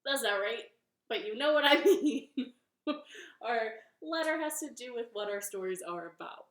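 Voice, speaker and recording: A woman's voice: fairly high pitch, lively intonation, moderate pace, reverberant. A woman hosting a children's storytime from her living room, talking cheerfully and directly to young children. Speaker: library storytime host.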